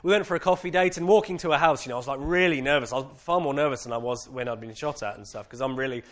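A man with a British accent sharing a personal testimony with an audience, candid and animated, with many casual fillers. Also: medium pitch, racing.

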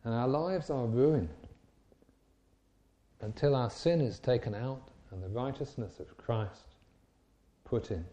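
A man preaches with a mellow, warm voice. He retells the scripture story in an emphatic, animated way, and his pitch sits in a middle range. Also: slow, long pauses, muffled recording. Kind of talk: sermon.

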